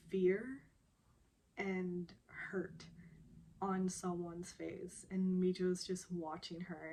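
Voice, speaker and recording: A woman's voice: lowish voice, slight background noise. A woman casually recapping a television drama episode, chatty and laughing often. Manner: chatty, laughs often, animated when quoting characters.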